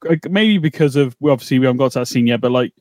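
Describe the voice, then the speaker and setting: A man co-hosting a podcast, chatting casually and excitably, swearing and laughing as he goes. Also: mid-range voice, very fast, no echo. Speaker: podcast co-host. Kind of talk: casual recap chat.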